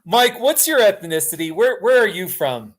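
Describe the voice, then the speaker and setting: A high-pitched, sing-song voice at moderate speed belongs to a tired middle-aged man from the United States live streaming casually from his couch. He drifts from topic to topic, pokes fun at himself, and laughs frequently.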